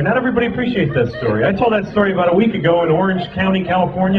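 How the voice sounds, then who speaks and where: A man with a high voice works a stand-up set in an exasperated, profane rant. The live recording is dull and lo-fi. Loud laughter and crowd noise sit under every line. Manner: exasperated, profane storytelling with quick asides. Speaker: stand-up comedian. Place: comedy club stage with a laughing audience.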